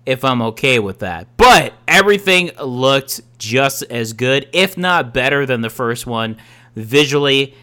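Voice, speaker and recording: A young man with a bright, forward voice and a smooth, clear tone co-hosts a podcast. He sounds enthusiastic, but he often stops and restarts with ums. He talks in a relaxed, chatty way. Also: mid-range voice, measured pace. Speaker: podcast co-host. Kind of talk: casual chat.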